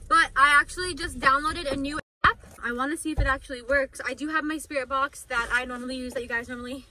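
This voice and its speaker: Very high-voiced, excitable young woman vlogging. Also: fast, background noise. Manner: excitable, jumpy, laughs nervously. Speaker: paranormal vlogger. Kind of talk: casual vlog commentary. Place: outdoors in a cemetery. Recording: outdoor ambience and passing vehicles.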